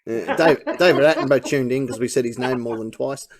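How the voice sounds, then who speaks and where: A man's voice: mid-range voice, a little fast. A man hosting a live comedy panel show, cracking jokes and laughing at his own gags.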